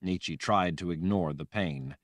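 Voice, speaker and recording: A man reading a fantasy audiobook aloud in a dramatic, expressive way. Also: low voice, unhurried, no echo, clean studio sound. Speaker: audiobook narrator. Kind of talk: scripted fantasy audiobook narration.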